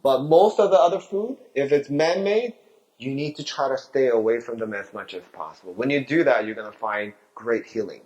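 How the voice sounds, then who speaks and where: A man's voice: medium pitch, normal speed, darkish tone, highs cut off. A male physician giving a health talk, explaining diet with rhetorical questions.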